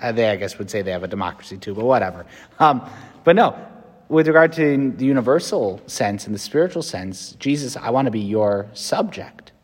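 A man's voice: mid-range voice, expressive, fairly quick. An American man, a Catholic priest, giving a conversational homily with fillers and restarts. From United States. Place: church. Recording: long reverb from a church.

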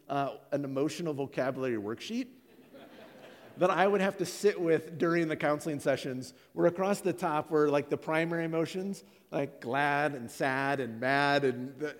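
A middle-aged man, a pastor, preaching a candid, confessional personal sermon. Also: a little high. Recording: long hall reverb.

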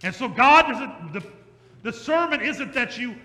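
A male pastor preaching an emphatic, repetitive sermon that slows down for stress and speeds up in asides. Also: extremely high pitch, very animated, sharp tone. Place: church sanctuary. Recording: echoey church hall.

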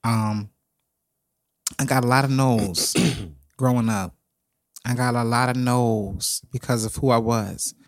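A man co-hosting a podcast, talking in an animated, dramatic and emotional way, close to tears at times. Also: medium pitch, slow, long pauses. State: tearful. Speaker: podcast co-host. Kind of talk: casual podcast chat.

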